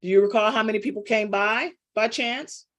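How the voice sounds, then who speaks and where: A woman's voice: mid-range voice, a little fast. A middle-aged woman business coach teaching a live online class, chatty and teasing as she calls on students by name.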